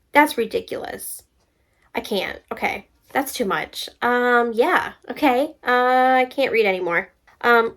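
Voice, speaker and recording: A young woman book vlogger reading reviews aloud and talking back to them in an animated, exasperated way. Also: on the high side. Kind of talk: casual reaction vlog, reading reviews aloud.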